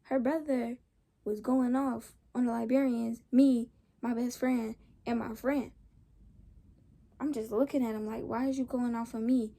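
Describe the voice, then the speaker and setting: A woman's voice: on the high side, measured pace, gravelly. A young woman casually telling a storytime, rambling along with slang and lots of restarts. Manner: rambling, animated retelling with slang.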